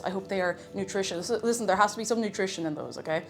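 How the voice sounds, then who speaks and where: A woman's voice: mid-range voice, fast talker, hardly any pauses. A young woman chatting with her stream chat in a playful, bubbly way, a little out of breath. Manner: bubbly, playful, sing-song asides. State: slightly out of breath. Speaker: livestreamer. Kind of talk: casual stream chat, reading chat aloud. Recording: music playing behind the voice.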